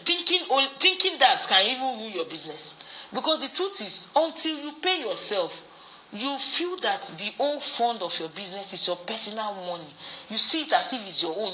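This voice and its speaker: Woman, Nigerian accent, business coach, bright voice, repeats herself for emphasis. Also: mid-range voice, a little hiss or hum, rough recording. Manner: repeats phrases for emphasis, storytelling. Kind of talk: teaching a business talk.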